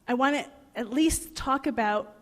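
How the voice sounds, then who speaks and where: A woman's voice: sits high, unhurried, a bit bright. A woman minister giving a reflective sermon, laughing at her own jokes as she tells them. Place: parish hall. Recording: long reverb of a parish hall.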